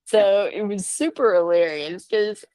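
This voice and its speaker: A woman's voice: medium pitch, a little slow, mellow, no echo. A middle-aged woman telling stories in a casual chat. She laughs often and acts out the quotes. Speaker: podcast guest.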